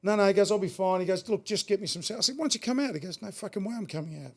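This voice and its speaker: A middle-aged Australian man with a gravelly voice pitched a little high for a man. He rattles through his stories at a fast clip, blunt, swearing freely and often repeating words. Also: darkish tone. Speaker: guest. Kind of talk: casual storytelling.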